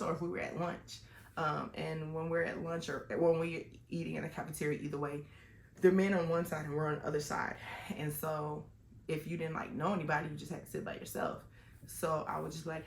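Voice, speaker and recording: A woman talks to her vlog audience in a loose, rambling way, with plenty of "um"s and restarts. Her voice has a rough, gravelly edge, and the room around her echoes noticeably. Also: deep voice, fairly even intonation, a little fast, slight background noise. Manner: chatty and rambling, with many fillers and restarts. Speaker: vlogger. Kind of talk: personal storytelling vlog.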